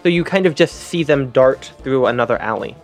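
A man's voice: mid-range voice, expressive, fairly quick, faint music behind. A man narrating as game master in a tabletop game, rambling loosely with many fillers.

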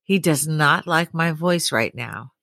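A woman co-hosting a podcast, bantering casually and teasing her husband, with a breathy voice and frequent laughs. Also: low voice, lively intonation, slow, a bit bright. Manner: teasing, playful, laughs often. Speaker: podcast co-host.

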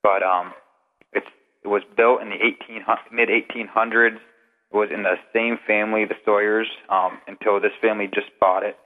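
Calling into a show as a guest investigator, a man with a somewhat low voice tells long, rambling anecdotes in an easy, conversational manner during a casual storytelling interview. His tone is level and his pace moderate. The audio is narrow and phone-like, followed by a long reverb tail.

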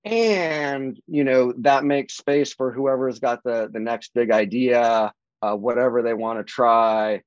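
A man's voice: slow pace, no echo, muffled recording. A man, a real estate agent, talking casually in an interview, rambling with many fillers. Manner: rambling, many fillers, lively swings in pitch.

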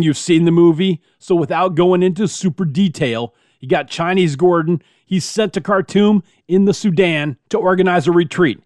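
A male podcast host narrating history in a chatty, self-deprecating way. His voice sits a little high. The sound is dry and close. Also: no echo.

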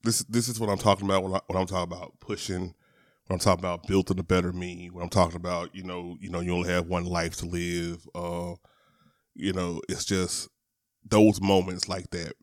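Deep-voiced man telling a podcast story. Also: flat delivery, brisk, no echo, clean studio sound. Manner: chatty, repeats and restarts words, addresses listeners as y'all. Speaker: podcast host. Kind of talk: casual storytelling monologue. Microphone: podcast microphone.

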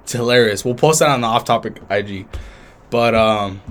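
A man's voice: mid-range voice, moderate pace. A young man co-hosting a casual podcast, talking loosely with lots of swearing and bragging. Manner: loose, profane and boastful. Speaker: podcast co-host. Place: Southern California.

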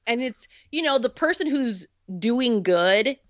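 A woman's voice: a little high, expressive, unhurried, no echo. Woman going on about a movie, lots of "you know", muffled dry audio. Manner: talks in long run-on lists with many fillers. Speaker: podcast co-host. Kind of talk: casual film discussion. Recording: dull lo-fi sound.

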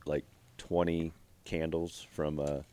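A man's voice: very deep voice, level tone, slow, warm tone. A young man co-hosting a casual podcast with friends by a fire, rambling in a laid-back way with many fillers. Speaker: podcast co-host. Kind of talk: casual chat among friends.

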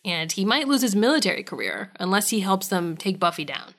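A woman co-hosting a podcast, recapping episodes in a wry, animated, casual way with some swearing. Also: mid-range voice, fairly quick, gravelly. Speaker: podcast co-host.

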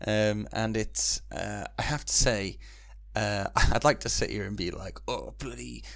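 Gravelly man, relaxed podcast banter, dry close mic. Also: on the low side, a little slow, dry recording. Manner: laid-back, swearing, laughs a lot. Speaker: podcast co-host. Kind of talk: casual banter.

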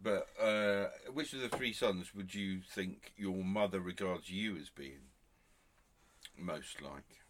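A man in casual chat, gruff and teasing, playing defensive. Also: low voice, slow pace, a little hiss or hum.

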